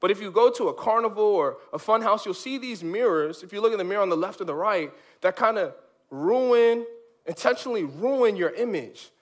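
Man, children's pastor, kids' sermon, animated, emphatic, fairly high voice. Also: fairly quick. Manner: animated and emphatic, with big swings between high and low. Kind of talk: sermon for kids.

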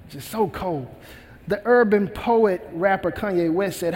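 High-voiced male pastor preaching in a reverberant hall. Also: measured pace, a little mellow. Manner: earnest preaching, retells a parable with emphatic repetition. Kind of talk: sermon.

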